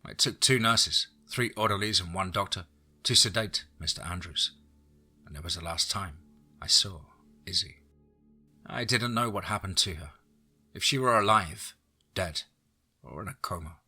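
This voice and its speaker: A man narrating a first-person horror story in a steady voice. His tone is husky and quite sharp, sitting a little low. Soft music plays faintly in the background. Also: normal speed, pauses often.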